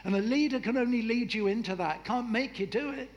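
High-voiced preacher in an echoey hall. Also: male voice, a little fast, muffled recording. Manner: lively, humorous, acts out voices. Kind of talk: sermon. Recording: echoey hall with faint noise.

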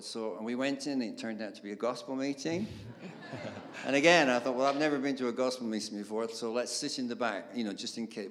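An older man, a songwriter telling his story in an interview, animated and laughing, with many fillers. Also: medium pitch. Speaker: guest songwriter. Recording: roomy reverb, faint background noise.

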